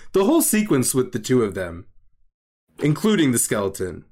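A man hosting a casual film-discussion podcast, amused and halting, restarting his sentences often. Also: medium pitch, wildly swooping pitch, a little mellow. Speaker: podcast host.

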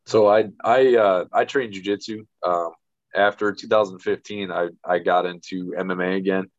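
A man's voice: low voice, steady tone, moderate pace, no room sound, highs cut off. A man on a rowing team talking in a plain, matter-of-fact way on a podcast. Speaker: rowing team member, Air Force veteran. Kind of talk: casual podcast chat.

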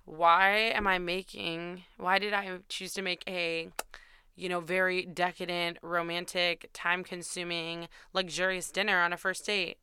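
A woman's voice: fairly low pitch, level tone, unhurried, pushed and bright, clear, resonant tone. A young woman host telling a candid, self-deprecating dating story in a chatty way, swearing freely. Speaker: podcast host.

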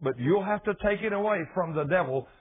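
Animated folksy preacher over tinny radio. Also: male voice, high voice, brisk, slight background noise. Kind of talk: sermon. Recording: tinny phone-like radio broadcast.

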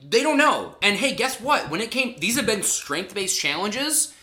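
A man's voice: high voice, big pitch swings, moderate pace, pushed and bright. A man co-hosting a podcast, chatting casually and emphatically, swearing freely as he argues his points. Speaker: podcast co-host. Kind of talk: casual chat recapping a reality show.

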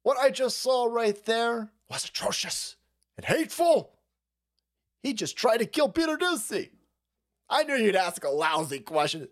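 A man's voice: very high voice, very animated, unhurried. A man hosting a live stream, reacting to news clips with mocking, profane commentary and frequent laughter. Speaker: stream host.

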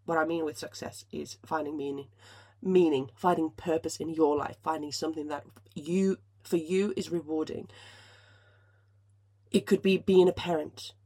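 Emotional woman, husky voice. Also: low voice, steady tone, normal speed, dark tone. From Finland. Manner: emotional, swears freely, many restarts. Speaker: podcast host. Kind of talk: casual solo podcast talk.

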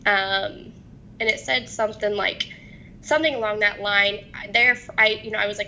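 Halting young woman with a gravelly, bright voice. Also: mid-range voice, fairly even intonation, dull audio, slight background noise. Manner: halting, hesitant, many restarts. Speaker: guest. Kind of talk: personal testimony in an interview.

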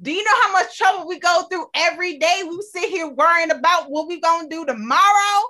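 Bright, high-voiced woman testifying. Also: fairly quick. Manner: expressive, call-and-response church cadence, testifying. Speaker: podcast co-host. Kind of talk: casual faith-based chat.

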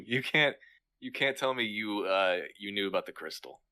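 A man's voice: lowish voice, moderate pace, bright, forceful tone. A man co-hosting a podcast in casual chat, teasing and bantering. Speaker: podcast co-host.

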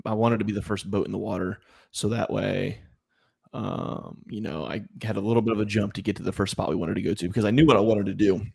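A man's voice: on the low side, fairly even intonation, fast talker, creaky, darkish tone, breathy edge. A man co-hosting a casual podcast, talking in a loose, rambling way with many fillers. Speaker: podcast co-host. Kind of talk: casual chat.

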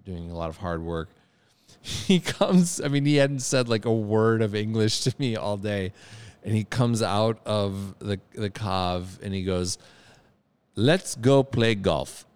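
A man's voice: fairly low pitch, measured pace, darkish tone, smooth. A man chatting casually and with enthusiasm, often repeating words as he searches for them. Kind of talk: casual chat.

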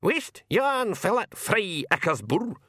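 Gruff tiny pixie warriors. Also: male voice, high-pitched, very animated, slow, no echo, studio quality, pitched above the performer's own voice, heavily acted. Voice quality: gruff, sneering, shouty. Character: rowdy tiny blue male pixie warriors. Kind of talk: audiobook reading.

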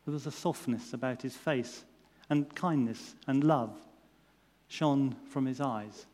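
A man's voice: medium pitch, takes it slowly, darkish tone. Man telling a story in an echoing hall. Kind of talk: first-person allegorical story reading. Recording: long reverb in a large hall.

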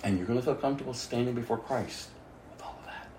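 A man preaching a sermon as pastor, emphatic, swinging from quiet asides to loud exhortation. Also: medium pitch, fast talker, roomy sound, a little hiss or hum.

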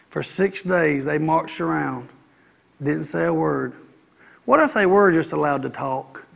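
A man's voice: on the high side, expressive, a little slow, gravelly, a bit bright. A middle-aged man, a pastor preaching a sermon in a folksy, conversational way with playful asides.

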